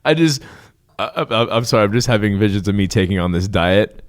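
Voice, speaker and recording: A man in his thirties co-hosting a podcast, telling stories in an animated, joking way. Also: on the low side, brisk, background noise. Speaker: podcast co-host. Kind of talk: casual chat.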